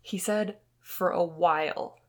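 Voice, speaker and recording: A woman's voice: fairly low pitch, steady tone, a little slow, fairly bright tone. A young woman hosting a podcast, telling ghost stories in a rambling, chatty way with lots of fillers, close to the microphone. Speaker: podcast co-host. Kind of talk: casual storytelling chat.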